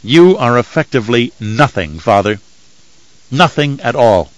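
A man's voice: mid-range voice, sing-song, a little slow, no room sound, poor audio. A man reading an audiobook voices a cruel young nobleman, cold and taunting. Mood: menacing. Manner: mocking, coldly threatening.

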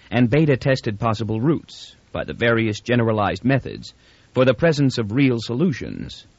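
A man reading a novel aloud as an audiobook narrator, telling it in an expressive, even way. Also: on the low side, breathy edge, no room sound. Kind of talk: scripted narration. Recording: dull, lo-fi dry recording.

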